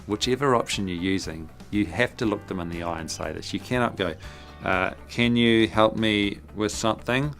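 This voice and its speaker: A man with a lowish, gravelly voice explains how to use an app, step by numbered step. His delivery is practical and encouraging. Faint guitar music plays underneath. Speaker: app tutorial presenter. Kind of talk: instructional explainer.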